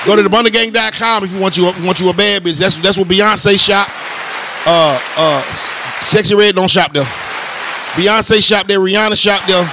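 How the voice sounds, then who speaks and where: Loud, profane man hosting a podcast. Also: high-pitched, normal speed, crowd noise, background noise. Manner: loud, profane, joking storyteller. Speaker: podcast host. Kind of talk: crude comedic podcast banter and ad reads.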